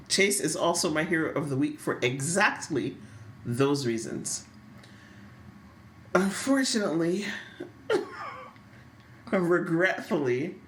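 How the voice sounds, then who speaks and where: A woman co-hosting a podcast in casual chat, thoughtful and expressive as she weighs both sides. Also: on the low side. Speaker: podcast co-host.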